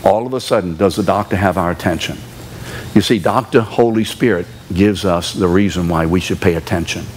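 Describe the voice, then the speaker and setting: A man preaching a sermon in a church, animated, acting out quoted voices and sometimes shouting. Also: low voice, brisk, slight background noise. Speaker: pastor. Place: church sanctuary.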